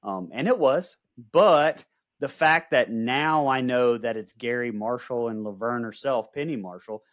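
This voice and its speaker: A man's voice: mid-range voice, a little slow, dry recording. A man in a mid-range voice riffs about a film on a podcast, joking and rambling with lots of asides. The sound is dry and close on the mic. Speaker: podcast co-host. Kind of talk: casual film-commentary chat.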